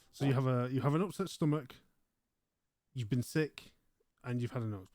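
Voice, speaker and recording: A man's voice: mid-range voice, expressive, normal speed, a little mellow, no echo, natural voice. A man voicing a perplexed adult ship's doctor who talks in a polite, hesitant, awkward way. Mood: clinical, lecturing.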